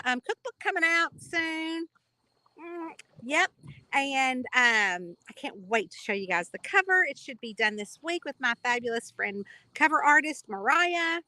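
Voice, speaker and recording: This author, a middle-aged woman with a Kentucky twang, chats casually with readers on a livestream, bubbly and rambling as she reads out their comments. She speaks at a measured pace in a high, sharp voice with lively intonation, recorded dry.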